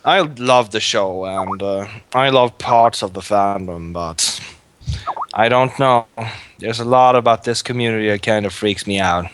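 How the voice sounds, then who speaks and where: A young man from Sweden with a Swedish accent, a guest answering in a measured way with dry wit. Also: on the low side, fairly bright tone, slight background noise. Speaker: interview guest. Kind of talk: casual interview chat.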